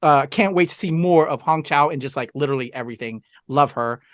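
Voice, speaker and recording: A man's voice: a little high, a little fast, fairly bright tone, dry recording, studio quality. A man co-hosting a casual film review, talking enthusiastically with lots of fillers and asides. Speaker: podcast co-host.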